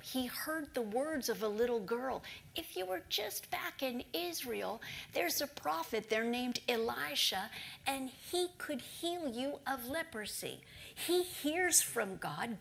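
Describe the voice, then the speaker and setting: A woman preacher delivers a storytelling sermon in a somewhat high voice with a gravelly edge. She swings between lively telling and hushed, whispered emphasis.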